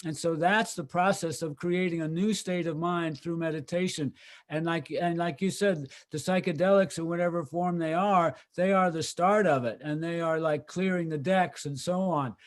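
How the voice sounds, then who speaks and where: A man hosting a casual interview over a video call, talking in a loose, rambling way with fillers. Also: sits high. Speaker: host.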